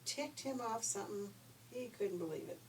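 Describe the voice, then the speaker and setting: A woman's voice: a little high, animated, normal speed. An older woman reading a children's story aloud in a homey, chatty storytelling way. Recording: distant mic, faint hiss.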